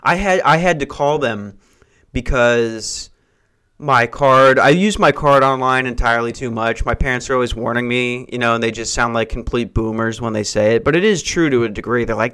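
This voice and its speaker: A man's voice: mid-range voice, moderate pace, fairly bright tone, clear, resonant tone. A young man hosting a podcast, rambling through casual, profane, jokey stories. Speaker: podcast host.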